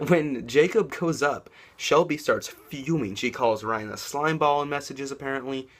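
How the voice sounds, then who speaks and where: A man contestant in a confessional, exasperated and animated. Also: mid-range voice, a little slow. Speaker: online game contestant.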